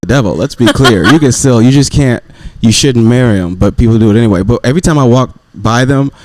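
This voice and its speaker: A man's voice: medium pitch, fast, a little mellow, dry recording. A man who is a comedian, guesting on a podcast, joking around with lots of laughter. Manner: laughing, joking, playful impressions. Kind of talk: casual podcast banter.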